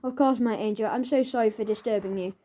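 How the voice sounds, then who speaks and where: A timid, overly polite mother from a storybook, voiced by a woman narrator. She speaks in a gentle, prim and fretful way. The tone is mellow and a little high. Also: fast, lightly acted.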